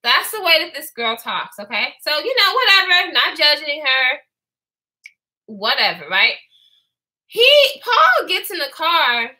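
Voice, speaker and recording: This is an animated young woman, spilling a story on her vlog. Her voice sits high and sounds very bright, and it swings widely in pitch as she mimics the people she talks about. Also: measured pace. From Houston, Texas. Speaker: vlogger.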